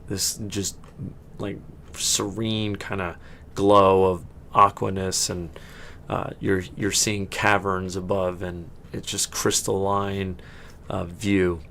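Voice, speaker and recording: Rambling, low-voiced male game master. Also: fairly even intonation, slow, a bit bright, slight background noise. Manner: rambling, full of fillers and restarts, laughing often. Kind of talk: narrating a tabletop game.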